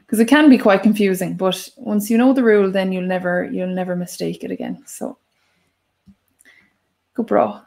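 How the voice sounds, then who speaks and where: An Irish woman co-hosts a live language lesson with a gravelly, creaky edge to her voice. She explains in a chatty way and stresses her example phrases. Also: mid-range voice, fairly even intonation, normal speed, pauses often, darkish tone. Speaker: Irish language teacher, co-host.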